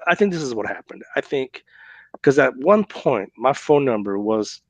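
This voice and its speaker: A man hosting a podcast, telling a story in an animated, chatty way and often tagging on "right?" and "man.". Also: mid-range voice, normal speed, no room sound. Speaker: podcast host.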